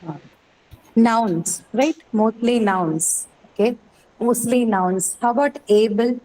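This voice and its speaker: A woman teacher gives a classroom lecture in a slightly high, mellow voice, taking it slowly, explaining step by step, and often checking in with her students. The audio is poor.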